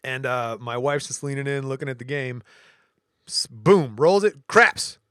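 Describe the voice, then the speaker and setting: A podcast co-host from Michigan, his voice medium-pitched and clean, tells a story at an unhurried pace in a close, dry recording. He's an animated storyteller who slips into the voices of the people in the tale and varies his delivery throughout, keeping the chat loose and casual.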